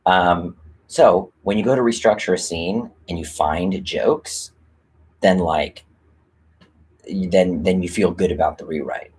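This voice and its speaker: Deep, husky-voiced man rambling casually. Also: takes it slowly, darkish tone. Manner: rambling and candid, with frequent fillers and casual swearing. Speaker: screenwriter hosting a live stream. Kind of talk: casual livestream chat.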